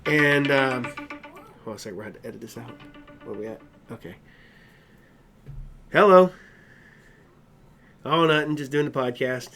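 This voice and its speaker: A man's voice: medium pitch, normal speed, pauses often, fairly bright tone, soft background music. A man co-hosting a casual podcast, talking loosely with lots of fillers and restarts. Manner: rambling, many fillers and restarts. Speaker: podcast co-host. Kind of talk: casual chat.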